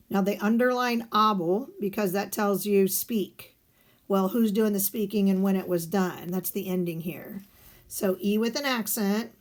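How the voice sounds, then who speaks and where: A woman's voice: medium pitch, darkish tone. A woman teacher explaining grammar step by step in a recorded lesson, patient and methodical with frequent filler sounds. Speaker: Spanish teacher. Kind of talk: recorded guided-notes lesson.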